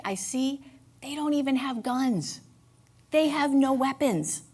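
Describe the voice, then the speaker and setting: A woman giving a sermon at church in a candid, confessional way, halting with fillers. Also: fairly high pitch. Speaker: church speaker.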